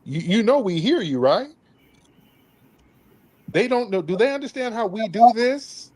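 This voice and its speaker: Male host, high animated voice, emphatic and scolding commentary. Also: unhurried. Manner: emphatic, scolding, repeats himself; mimics others in mocking voices. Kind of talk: opinionated commentary on a call-in news show.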